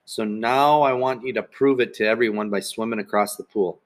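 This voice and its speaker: A man's voice: fairly low pitch, fairly even intonation, normal speed, close to an everyday voice. A man reading aloud voices a patient young swim teacher who coaxes and cheers a child on. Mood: coaxing. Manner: coaxing, cheering. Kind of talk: audiobook reading.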